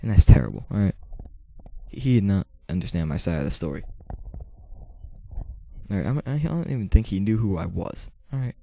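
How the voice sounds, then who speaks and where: A teenage boy talks straight to camera in a rambling, casual way, full of fillers and swearing. His voice sits fairly low and has a gravelly edge. The tone is very dark, and his volume rises and falls throughout. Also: expressive, moderate pace, long pauses, a little hiss or hum. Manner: volume swings between quiet and loud. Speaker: vlogger. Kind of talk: casual storytelling monologue.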